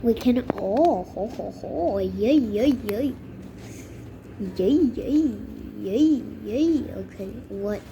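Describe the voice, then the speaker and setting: Young woman, high voice, very slow drawl, exasperated gaming commentary, muttering, background noise. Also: expressive. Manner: exasperated, muttering, dramatic outbursts. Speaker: gamer.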